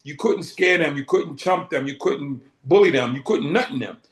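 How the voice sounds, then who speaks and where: A man's voice: a little high, expressive, moderate pace. A middle-aged man from Boston telling his story as an interview guest, acting out the dialogue he quotes. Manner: vivid storyteller who acts out quoted dialogue. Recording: roomy echo.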